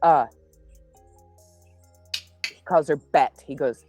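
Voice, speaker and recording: A woman's voice: rumbling low, animated, unhurried, pauses often, a little mellow, slightly rough, soft background music. A woman joining a casual livestream chat, playful, with dry jokes and family stories. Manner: playful, dry humor, tells family anecdotes. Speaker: co-host guest on stream.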